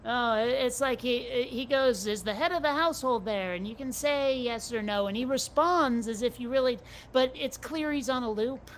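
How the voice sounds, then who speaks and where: A woman co-hosting a casual chat, talkative and quick to swear, often restarting her sentences. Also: a little high, slight background noise.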